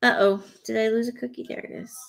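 A woman's voice: fairly high pitch, fairly even intonation, fast, vocal fry. A woman chatting playfully on a live stream from home, laughing between remarks as she builds a toy set. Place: home, indoors.

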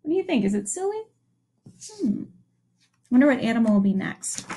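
A woman's voice: a little high, moderate pace, a little hiss or hum. A young woman teacher reading a picture book aloud to children and asking them questions along the way. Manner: animated storytelling with questions to young listeners.

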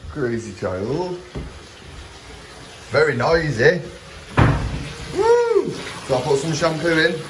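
A man's voice: a little high, wildly swooping pitch, slow, pauses often, very noisy. A father with a playful, coaxing, encouraging way of talking, in a casual home video recorded in a bathroom. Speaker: father bathing the family dog with his kids.

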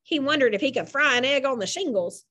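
Woman narrator, children's book reading, high voice, lively and animated delivery. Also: fast talker. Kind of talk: storybook reading aloud.

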